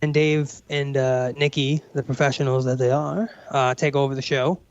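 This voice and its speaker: A man's voice: medium pitch, fairly even intonation, normal speed. A man on a casual livestream telling a rambling story, swearing often and saying bro and dude. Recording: dry, dull lo-fi mic.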